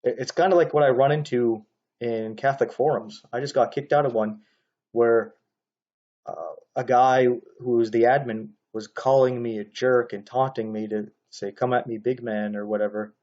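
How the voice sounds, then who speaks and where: A man's voice: medium pitch, steady tone, moderate pace, darkish tone, dull audio. A man talking casually into his own camera, commenting on another preacher's video in a rambling monologue full of fillers and restarts.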